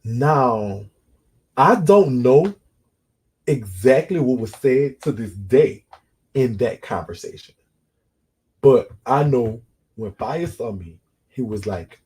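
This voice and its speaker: A man's voice: mid-range voice, animated, takes it slowly, a little mellow. A man casually telling a story from his own life in a rambling, digressive, slangy way. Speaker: storyteller recounting his own prison experiences.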